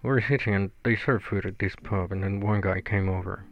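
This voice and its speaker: A man's voice: sits low, fairly even intonation, brisk, dull audio. A man whose first language is Spanish, telling a casual story full of fillers and swearing. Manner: rambling, profane, lots of fillers.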